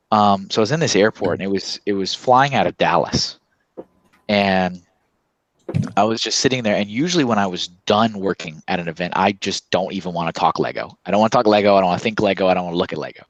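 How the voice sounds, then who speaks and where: A man telling a story in casual chat, animated and acting out what people said. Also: deep voice, no room sound, lo-fi sound. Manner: animated storytelling, acts out quotes with laughs.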